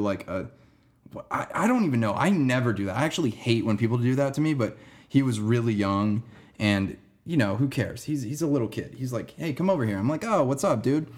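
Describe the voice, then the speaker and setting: A man's voice: medium pitch, a little mellow. A young man hosting a podcast, telling a story in a rambling, laid-back way and saying "dude" and "man" a lot. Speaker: podcast host. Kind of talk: casual storytelling monologue.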